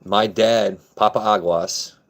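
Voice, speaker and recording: A man with a fairly low voice hosts a casual livestream from home. He keeps it laid-back and joking, and chats with viewers by name. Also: fairly even intonation, takes it slowly. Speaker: livestream host. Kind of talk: casual chat with live chat viewers.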